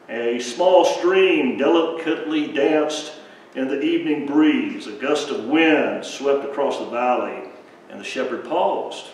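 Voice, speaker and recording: A man, a pastor, giving a children's message during a church service, chuckling often and pausing with lots of fillers. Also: medium pitch, slight background noise. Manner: chuckling, halting, full of fillers. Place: church sanctuary. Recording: echoey church from a distant mic.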